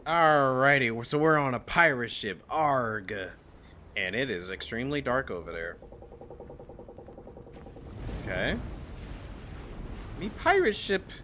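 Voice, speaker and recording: Casual male streamer, animated pitch, talks to chat, steady background noise. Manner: chatty, reacting to chat, quick laughs. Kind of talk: casual gameplay commentary.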